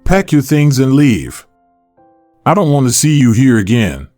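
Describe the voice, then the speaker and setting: Male narrator doing a domineering rich ranch boss, sharp, dismissive, lively pitch, dry sound, faint music bed. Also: measured pace, no room sound. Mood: cold, dismissive. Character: cold, wealthy, domineering male ranch owner.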